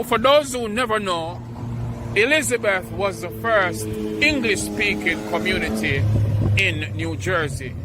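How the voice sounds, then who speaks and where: A man's voice: sits high, noisy background. A man recording an upbeat vlog outdoors near a city trail, asking viewers to like and share. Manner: upbeat, promotional. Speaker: vlogger.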